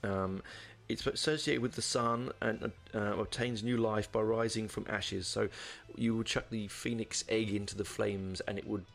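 A man's voice: lowish voice, steady tone, moderate pace, vocal fry, soft background music. A man giving a casual album review, rambling and hesitant, with lots of ums and restarts. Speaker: music reviewer.

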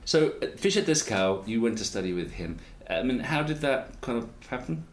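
A man's voice: medium pitch, very animated, moderate pace. A man, interviewing a guest in an enthusiastic, chatty way that wanders into anecdotes. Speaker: interviewer, podcast host. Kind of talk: conversational interview. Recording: roomy echo with faint noise.

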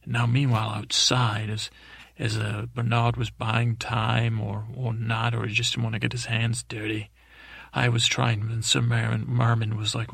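Gravelly, husky man telling a rambling tale. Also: mid-range voice, monotone, unhurried, a bit bright, no room sound. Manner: meandering, full of self-corrections and fillers. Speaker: podcast storyteller. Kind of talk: rambling improvised bedtime story.

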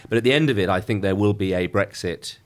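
With a lowish voice, a middle-aged parliamentarian talks politics in an interview. He stays measured and emphatic but keeps breaking off to restart.

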